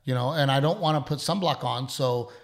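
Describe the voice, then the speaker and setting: Young adult male podcast co-host, animated and profane when telling stories. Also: mid-range voice, a little fast. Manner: animated, acts out quotes, swears. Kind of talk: casual storytelling chat.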